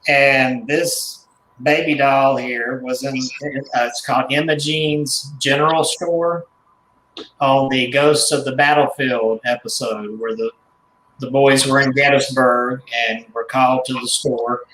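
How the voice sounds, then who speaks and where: A man being interviewed as a guest, speaking in a mid-pitched voice and stopping often to correct himself. His voice rings around an echoey room. A faint hum sits underneath. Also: steady tone, takes it slowly, fairly bright tone. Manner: hesitant, many fillers and self-corrections. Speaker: guest, doll collector. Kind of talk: casual interview.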